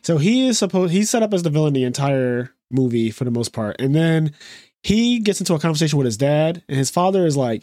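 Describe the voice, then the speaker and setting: A man with a slightly raised pitch talks bluntly through a film review, swearing casually and acting out lines. The recording is dry and close, with no room sound. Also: animated, a little fast, a little mellow, no echo. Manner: blunt, swears freely, mimics movie lines. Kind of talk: casual chat, movie review.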